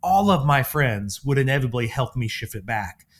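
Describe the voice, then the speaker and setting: A middle-aged man co-hosting a parenting podcast as a counselor, telling stories in a relaxed conversational way and acting out the quotes in them. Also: mid-range voice, moderate pace. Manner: animated, acts out quotes in his stories. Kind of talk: conversational storytelling.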